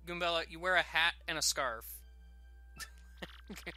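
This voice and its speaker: A man's voice: a little high, moderate pace, long pauses, sharp tone, no room sound, faint music behind. A man giving casual, rambling gameplay commentary with a jokey, self-mocking tone. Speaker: let's play host.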